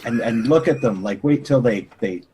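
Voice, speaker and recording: A man playing a tabletop role-playing game, describing his character's moves in a halting, deadpan way. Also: mid-range voice, slight background noise, low-quality recording. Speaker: player.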